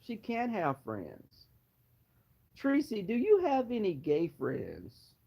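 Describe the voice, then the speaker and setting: A man with a high voice gives dramatic, sassy commentary. His pitch swoops up and down a lot. His roasts are animated. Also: takes it slowly, vocal fry, husky, poor audio. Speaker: vlogger.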